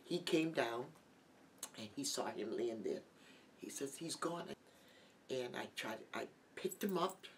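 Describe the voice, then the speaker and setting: Middle-aged woman guest, halting heartfelt testimony, mic set back with faint hiss. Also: rumbling low, lively intonation. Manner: halting, heartfelt, with many restarts. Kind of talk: emotional personal testimony. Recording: distant mic with light background noise.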